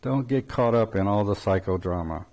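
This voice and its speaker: An older man leads a spiritual talk, his fairly low voice wandering through a story with restarts. He chuckles often as he speaks. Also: moderate pace, a little mellow. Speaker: spiritual teacher.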